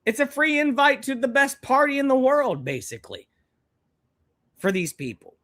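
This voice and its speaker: A man's voice: extremely high pitch, big pitch swings, moderate pace, sharp tone. A young man hosts a live stream, his voice swinging up and down as he rants. He talks bluntly and angrily, swearing freely as he reacts to a clip. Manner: angry, profane, blunt ranting. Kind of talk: ranting live stream commentary.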